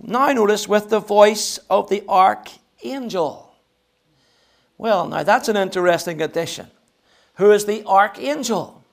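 A man's voice: high voice, measured pace, creaky. A man with a Northern Irish accent preaching a sermon, swinging between ringing proclamation and chatty, joking asides.

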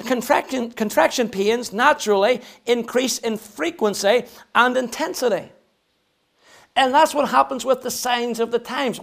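High gravelly-voiced man preaching. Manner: emphatic, repeats words while building to a point; reads scripture aloud in a raised voice. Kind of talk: sermon.

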